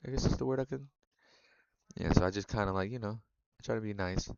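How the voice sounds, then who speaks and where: A man's voice: fairly low pitch, fast, vocal fry, darkish tone, no room sound, highs cut off. A man streaming a game and chatting casually with viewers, loose and profane, laughing often. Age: adult. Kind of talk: casual live-stream chat.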